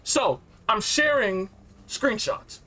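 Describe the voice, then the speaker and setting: A man recapping a story game in a rambling, excitable, slangy way, full of fillers and asides. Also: high voice, slow. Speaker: game reviewer.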